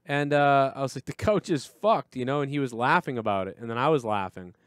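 A man's voice: mid-range voice, fast talker, clear, resonant tone, no room sound, clean studio sound. A man hosting a live show, telling profane, rambling stories in casual chat.

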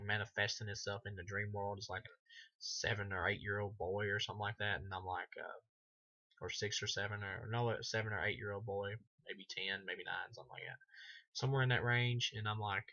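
Casting: low, bright-edged male reviewer, loose and rambling, cursing a lot, dull lo-fi mic. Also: steady tone, normal speed. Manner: rambling, heavy filler words, frequent swearing. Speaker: film reviewer. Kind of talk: casual profane film review monologue.

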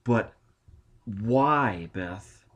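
A man's voice: on the low side, lively intonation, very slow, a bit bright, highs cut off, heavily acted. A man voicing an irritable, anxious male psychologist who speaks in an urgent, edgy way. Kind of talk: audiobook reading.

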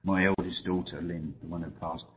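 Older male co-host, very low voice, chatty storyteller with a ready laugh, muffled lo-fi recording. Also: fairly even intonation, fairly quick. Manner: chuckling, storytelling. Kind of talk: casual chat. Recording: dull lo-fi sound.

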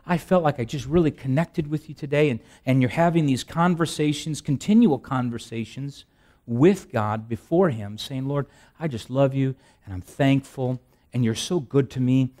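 A pastor with a mellow, mid-range voice preaches a sermon at normal speed, talking to the congregation rather than declaiming. He leans on rhetorical questions, repeats key phrases, restarts sentences as he goes, and threads in self-deprecating humor.

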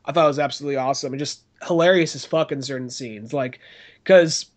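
A man's voice: mid-range voice, fast. A man co-hosting a podcast, chatting casually about movies, swearing and acting out scenes as he retells them. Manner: loose, profane, animated retelling of scenes. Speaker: podcast co-host.

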